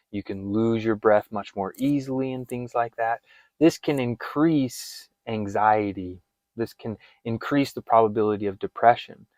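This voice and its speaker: A man's voice: fairly low pitch, a little mellow, no room sound. Earnest man coaching a breathing exercise. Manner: earnest, direct, addresses listener with repeated commands. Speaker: fitness and wellness coach. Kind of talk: guided breathing instruction.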